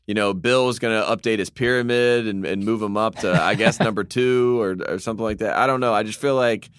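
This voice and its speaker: A man's voice: on the low side, brisk, smooth, no echo, clean studio sound. Emphatic man in casual sports talk. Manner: animated, emphatic, repeats points. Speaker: podcast co-host.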